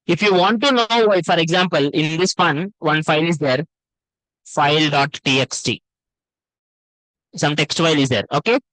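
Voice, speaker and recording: A man's voice: fairly high pitch, moderate pace, long pauses, a bit bright, dry recording, low-quality recording. A man teaching a live online coding class, repeating himself and calling students sir and ma. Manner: repetitive, addresses students as sir and ma.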